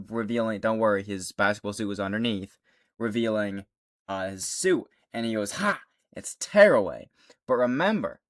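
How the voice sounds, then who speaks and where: A man giving casual commentary on a video, rambling and correcting himself with a wry edge. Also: medium pitch. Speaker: video creator.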